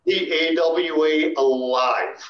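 A man's voice: a little high, slow pace, a bit bright. A man co-hosting a podcast who chats casually and fills in behind-the-scenes details. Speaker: podcast co-host. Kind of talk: casual chat. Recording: echoey, dull-sounding mic.

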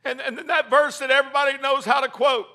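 Pastor, male, very high and bright tone, fervent preaching that builds. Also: steady tone, fast. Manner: reads scripture then builds to loud, fervent preaching; calls for congregation responses and says amen. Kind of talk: sermon.

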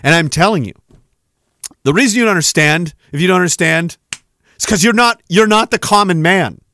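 A podcast host in a heated, sarcastic, profanity-laden rant. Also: male voice, sits high, fairly quick, sharp tone, dry recording. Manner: heated, sarcastic, swears often.

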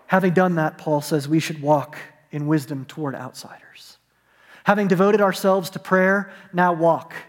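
A man with a high, light voice preaches from the pulpit, his words ringing out in a long echoing hall. He tells a story, drops to a soft hush at tender moments, and builds to emphatic, rising calls. It sounds like a church sanctuary. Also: moderate pace. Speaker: pastor. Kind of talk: sermon.

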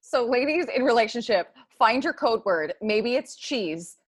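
A woman's voice: a little high, expressive, measured pace, slightly rough. A woman chatting casually with her partner as podcast co-host, laughing easily and saying "like" a lot.

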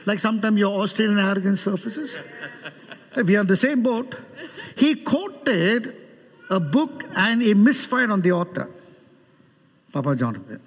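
A man's voice: high-pitched, breathy edge, big-room sound. A man with an Indian accent preaching a sermon, telling stories, acting out the people in them and laughing often. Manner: animated, mimics others in quoted dialogue, laughs often. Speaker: guest preacher. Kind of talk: sermon with storytelling.

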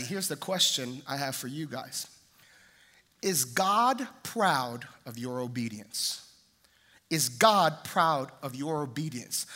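A young man preaching a sermon, telling lively family stories and acting out the voices of the people in them. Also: medium pitch. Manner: animated storytelling, acts out family voices. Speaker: pastor.

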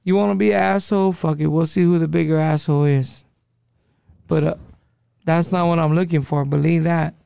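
Podcast guest, man, 40s, high-pitched and heavily gravelly, loose profane street talk. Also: fairly even intonation, fairly quick, mellow, no echo, clean studio sound. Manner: profane street slang, calls listener dog. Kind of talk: casual interview storytelling.

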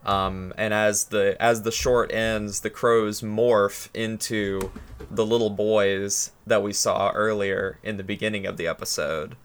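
A man's voice: lowish voice, level tone, a little slow, clear, resonant tone. A young man chatting casually on a podcast, rambling with many fillers as he retells a story.

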